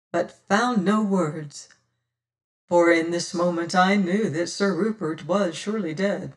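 A dramatic first-person audiobook narrator with a mid-pitched voice. The reading swells loud on exclamations and goes hushed in quiet passages. The voice sits back from a distant mic. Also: takes it slowly.

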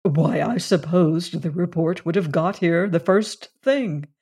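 Low, distinct, unhurried gentleman clubman, weary, read by a narrator. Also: breathy edge. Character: tired clubman telling a strange story, man. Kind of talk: audiobook reading of a story.

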